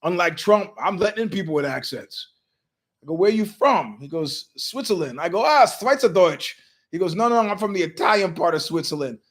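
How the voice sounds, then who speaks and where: A man's voice: sits high, animated, moderate pace, a bit bright. A man hosting his own show, rambling through stories from his living room and acting out the voices of people he quotes. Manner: storytelling, acts out quoted voices. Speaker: show host. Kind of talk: rambling monologue.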